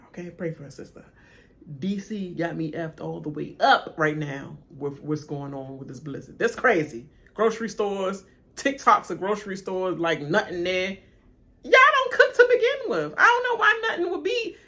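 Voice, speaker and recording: Lively, bright-voiced woman ranting to viewers. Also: mid-range voice. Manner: animated, slangy, talks straight to viewers with frequent laughs. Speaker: reaction channel host. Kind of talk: casual ranting reaction commentary.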